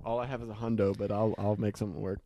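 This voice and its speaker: A man's voice: lowish voice, flat delivery, very fast, mellow, muffled recording. A young man co-hosting a casual podcast, giggly, nervous and dramatic. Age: young adult. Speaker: podcast co-host. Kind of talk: casual chat.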